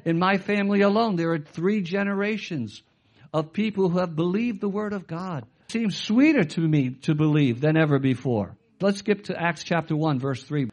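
A man's voice: a little high, darkish tone. A middle-aged male pastor preaching a sermon with emphasis, quoting scripture and putting questions to his listeners.

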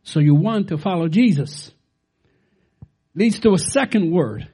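A man preaching a Good Friday sermon, dropping to quiet asides and then rising to loud, emphatic declarations. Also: high-pitched, expressive, measured pace, breathy edge. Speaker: pastor.

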